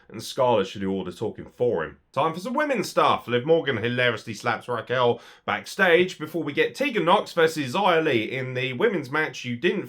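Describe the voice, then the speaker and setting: A British man hosting a wrestling review, talking bluntly and sarcastically with lots of swearing. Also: a bit bright. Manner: blunt, sweary, sarcastic, big swings in pitch and volume. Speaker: wrestling reviewer and podcast host. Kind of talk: casual opinionated review.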